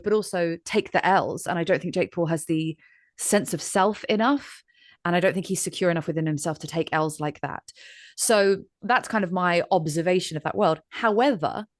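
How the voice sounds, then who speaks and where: Animated Irish-born woman, dry sound. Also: lowish voice, dry recording. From Ireland. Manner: animated storyteller, acts out voices in analogies. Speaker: host. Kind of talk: conversational interview.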